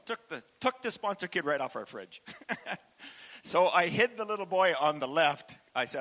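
Bright-voiced man giving a testimony. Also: a little high, expressive, low-quality recording. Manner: emotional storytelling, laughs often, halting restarts. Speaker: charity founder speaking to a church. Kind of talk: personal testimony talk.

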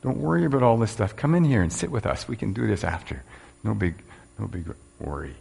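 A man voicing a calm, caring male teacher who speaks softly and reassuringly, acted out within a sermon. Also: fairly low pitch, a little fast, creaky, husky, voice pushed up, exaggerated voice. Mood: soothing. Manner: soothing, relaxed, soft-spoken.

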